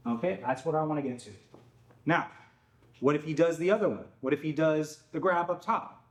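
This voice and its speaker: Man, fairly high voice, calm instructor, step-by-step demo, checks in often. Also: normal speed. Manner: calm, step-by-step explaining, frequent "okay?" check-ins. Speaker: self-defense instructor. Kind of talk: demonstration lesson.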